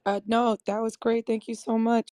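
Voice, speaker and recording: A woman's voice: on the high side, little pitch movement, normal speed, dark tone, no room sound, clean studio sound. A woman in the audience joining the call, chatting casually and teasing the host while she laughs along. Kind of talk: casual chat.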